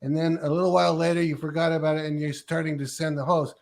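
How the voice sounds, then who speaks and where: Halting male talk show host asking questions. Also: a little high, flat delivery, vocal fry, darkish tone. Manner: halting, restarts his questions. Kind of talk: interviewing, casual questions.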